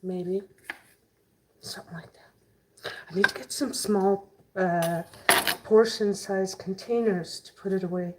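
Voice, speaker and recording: A woman's voice: mid-range voice, fairly even intonation, measured pace, very noisy. A woman chatting and joking with her viewers while she cooks in her kitchen. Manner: chatty, jokey, talks to viewers while cooking. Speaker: vlogger cooking on camera. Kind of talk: chatty cooking vlog.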